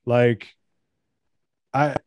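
An American man talking excitedly in a casual podcast chat, rambling and swearing. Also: very slow, dry recording. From United States.

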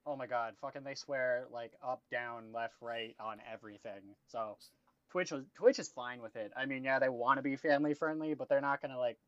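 A man's voice: medium pitch, a little fast, no room sound. A man co-hosting a casual podcast, speaking bluntly and swearing freely. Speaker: podcast co-host. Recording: dry, dull lo-fi mic.

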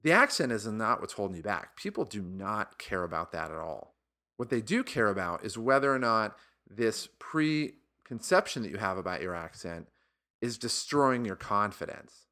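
A man with a fairly low voice coaches listeners in a motivational solo podcast. His pitch swings widely as he speaks, and his tone is bright and forceful. He sounds earnest and encouraging throughout. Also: very animated, moderate pace. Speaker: sales podcast host.

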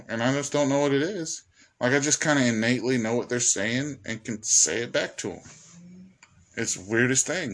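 A man voicing a rambling old male talking dog with a gruff, casual manner. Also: medium pitch, close to an everyday voice.

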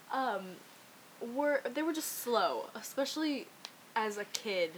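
A woman cohosts a casual podcast in a high voice that rises and falls a lot. She comes across relaxed and agreeable and laughs often. A faint hiss runs under the recording. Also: slow pace, poor audio. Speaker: podcast co-host. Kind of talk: casual chat.

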